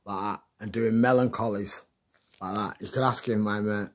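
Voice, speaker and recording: A man's voice: fairly low pitch, fairly even intonation, normal speed. A middle-aged man tells rambling stories in a chatty way, laughing often and filling his talk with fillers. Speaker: vlogger. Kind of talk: casual rambling storytelling.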